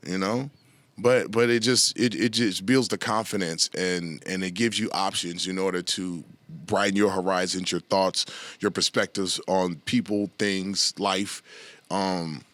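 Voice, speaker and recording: A middle-aged man talking as a podcast guest, telling animated stories, laughing often and swearing freely. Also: low-pitched, a little slow. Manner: laughs often, swears freely, repeats "you know what I'm saying". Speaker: guest musician and actor. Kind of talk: animated storytelling in casual chat.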